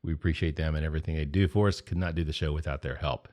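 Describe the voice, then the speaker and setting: A deep-voiced man hosts a casual podcast, easygoing and quick to laugh. He sounds relaxed and unhurried. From Eastern Kentucky. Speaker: podcast host.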